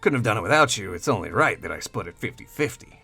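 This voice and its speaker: A man voicing a smooth-talking, sly male gambler and trader who flatters and soothes. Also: lowish voice, fast, soft background music, full character voice. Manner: flattering, unctuous, smooth persuasion.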